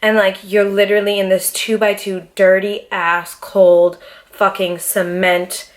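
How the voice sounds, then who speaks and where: A woman's voice: medium pitch, flat delivery, a little slow. A young adult woman vlogger telling a personal story in a casual, blunt, profane way, full of fillers.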